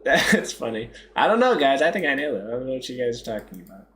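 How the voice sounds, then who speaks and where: A man's voice: mid-range voice, sing-song, quick pace, fairly bright tone. A young man chatting casually on a live stream, joking, self-mocking and laughing often.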